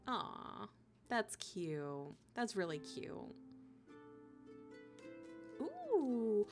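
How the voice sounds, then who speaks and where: A woman's voice: on the low side, animated, moderate pace, vocal fry. A young woman streaming a game live, chatting casually and giggly, often saying "like". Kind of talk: casual live-stream chat while gaming. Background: game music.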